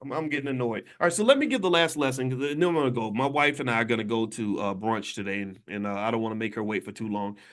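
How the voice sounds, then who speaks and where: A man's voice: fairly low pitch, fast, few pauses. A middle-aged man giving an emphatic, preaching-style lesson over a phone livestream from a hotel room, full of rhetorical questions. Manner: emphatic, rhetorical questions, swings between loud and quiet. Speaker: speaker giving an economics lesson to a live online audience. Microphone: phone on a video stream.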